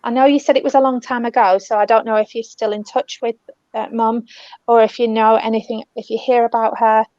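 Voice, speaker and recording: British woman medium, gentle and soothing, slightly high, muffled dry recording. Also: flat delivery, fairly quick, no room sound. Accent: British English. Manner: gentle, soothing, calls people love and darling. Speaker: spiritual medium. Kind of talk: live online reading. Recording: dull, dry lo-fi audio.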